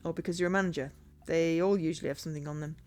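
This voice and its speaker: A woman's voice: deep voice, fairly even intonation, racing, a little mellow, natural voice. A woman reading as Tyler, a weary young band leader. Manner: weary, defensive.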